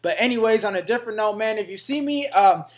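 Hyped slangy man, high voice. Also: expressive, quick pace. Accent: Northern California. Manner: hyped, slangy, peppers lines with "man" and "baby". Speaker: fitness vlogger. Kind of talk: casual vlog to camera.

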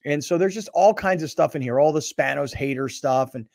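A male radio and TV show host chatting casually in a studio and acting out stories with lively dialogue. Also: a little high, brisk, vocal fry, dry recording. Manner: animated storyteller, acts out dialogue. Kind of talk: casual sports talk show chat. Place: broadcast studio. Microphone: studio microphone.

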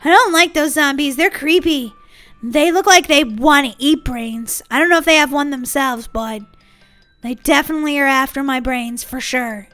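Bubbly high-voiced woman playing a game. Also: normal speed, fairly bright tone, soft background music. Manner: bubbly, giggly, silly. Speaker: gaming channel host. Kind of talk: playful let's-play commentary.

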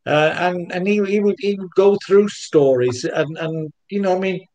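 A man's voice: high voice, normal speed, darkish tone. A man who writes about football history, recalling a meeting as a guest, with hesitant, repeated words. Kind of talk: guest reminiscence.

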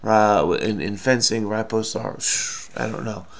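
A middle-aged man hosts a crossword-solving video, working through the puzzle aloud while muttering to himself casually. He uses lots of fillers and often trails off. His voice is fairly low-pitched and fairly even in intonation, and he speaks a little slowly.

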